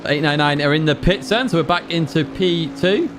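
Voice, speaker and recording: A Blackpool man with a slightly high voice chats casually at a moderate pace, rambling as he streams a racing game. He reads out chat and laughs often, with game engine noise running behind him.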